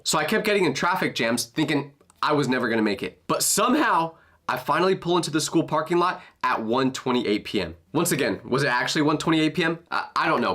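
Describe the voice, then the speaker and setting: A young adult man narrating a comedic storytime in an animated, expressive, jokey way. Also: on the high side.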